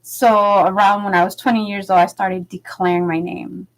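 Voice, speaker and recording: Woman vlogger, candid personal storyteller, casual and filler-heavy, mid-range pitch. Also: flat delivery, moderate pace, poor audio. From Los Angeles, United States. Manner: chatty and candid, with many fillers and frequent laughs.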